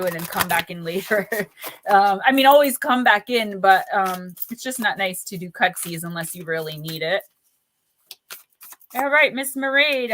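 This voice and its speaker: Bright-voiced chatty woman reading oracle cards. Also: medium pitch, a little hiss or hum. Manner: chatty, playful, reads card texts aloud, greets viewers by name. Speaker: livestream oracle card reader. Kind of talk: casual live-stream card reading.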